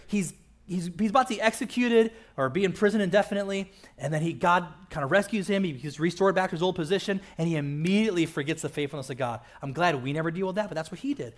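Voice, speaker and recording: A man preaching a conversational sermon as pastor, joking and often checking in with the crowd by asking "right?". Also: sits high. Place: church auditorium.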